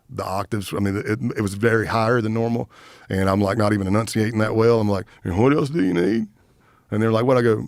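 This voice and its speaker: Low-voiced man telling a tense story. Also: no echo. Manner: animated storyteller, acts out quotes. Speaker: guest, retired FBI agent. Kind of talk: casual storytelling in podcast interview.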